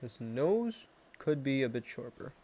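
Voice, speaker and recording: A young man with a Canadian accent rambles slowly through a casual vlog. He speaks in a middle pitch, mocks himself, and trails off and restarts his sentences often. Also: very animated, warm tone. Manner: rambling and self-mocking, with many restarts and trailing pauses. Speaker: vlogger. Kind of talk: casual self-improvement vlog.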